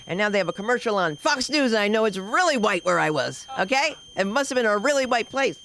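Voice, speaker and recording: Animated woman comic at an open mic. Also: medium pitch, fast, hardly any pauses, slight background noise, low-quality recording. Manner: loud, animated storytelling with sudden shouts. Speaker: stand-up comic. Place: comedy club stage.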